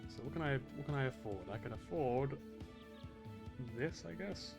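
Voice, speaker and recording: A man streaming a game, talking casually and cursing often in loud, exasperated outbursts. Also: mid-range voice, animated, normal speed, gravelly. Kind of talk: casual live-stream commentary. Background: game music.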